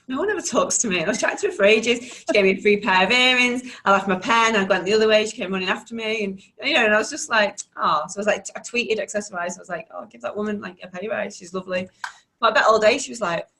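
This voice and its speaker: A woman's voice: mid-range voice, quick pace, hardly any pauses, sharp tone. A woman with a Manchester accent hosting a podcast, chatting casually, laughing often and acting out the people she quotes. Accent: Mancunian. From northern England. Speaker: podcast host. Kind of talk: casual chat.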